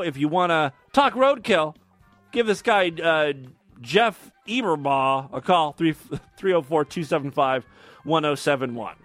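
Sarcastic male podcast host, high and animated, riffing on weird news. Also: dry recording. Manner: sarcastic, mocking asides while reading news. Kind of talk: comedic news commentary.

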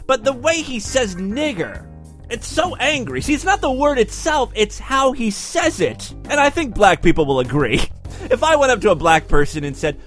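A man hosting his own comedy podcast, rambling and sarcastic, with loud bursts and mumbled asides. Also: extremely high pitch, very animated, moderate pace, soft background music. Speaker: podcast host. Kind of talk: comedic monologue.

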